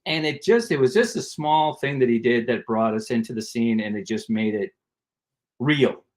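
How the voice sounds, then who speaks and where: A man guesting on a podcast, telling animated stories and acting out quotes from his work as a performer. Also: mid-range voice, moderate pace. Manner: animated anecdote teller who acts out quotes. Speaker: guest actor, comedian and voice actor. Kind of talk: casual interview storytelling.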